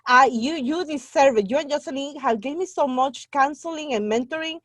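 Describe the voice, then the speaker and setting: A woman's voice: high voice, brisk, a bit bright, no room sound. A woman from Guatemala with a Guatemalan Spanish accent, a native Spanish speaker, talking earnestly and from the heart as a podcast guest. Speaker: guest, membership site owner. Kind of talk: casual podcast interview.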